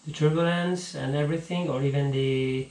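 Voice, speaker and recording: A man teaching a casual physics lesson, halting and repeating words as he explains, recorded on an action camera at home. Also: on the high side, steady tone, a little mellow. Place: home room. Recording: echoey room with faint ambience.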